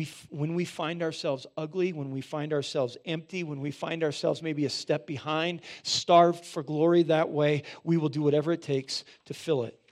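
A man's voice: a little high, darkish tone. Man preaching a conversational sermon. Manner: conversational preaching with frequent check-ins. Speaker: pastor.

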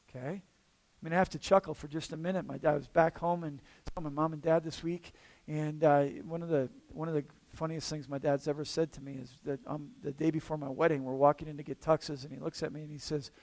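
A man preaching a conversational sermon as pastor, often checking in with listeners with a quick "okay?" or "all right?". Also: on the high side, little pitch movement. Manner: casual, checks in with the room with frequent "okay?".

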